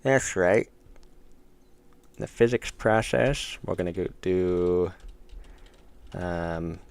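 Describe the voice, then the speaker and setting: Low gravelly man thinking aloud. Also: drawn-out words. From United States. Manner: thinks aloud, mumbles while working, chats with viewers. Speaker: game developer streamer. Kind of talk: casual live-stream commentary while coding.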